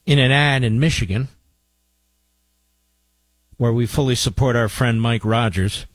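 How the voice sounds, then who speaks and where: Male talk radio host, sarcastic and combative, husky close-mic studio voice. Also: medium pitch, a little slow, no echo. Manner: sarcastic, mocking asides to his producer. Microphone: studio microphone.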